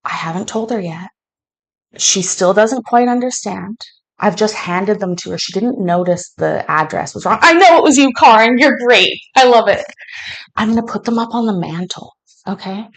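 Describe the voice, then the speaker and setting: A woman vlogging from home as she unboxes fan mail, gushing and quick to laugh. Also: mid-range voice. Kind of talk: casual unboxing chat.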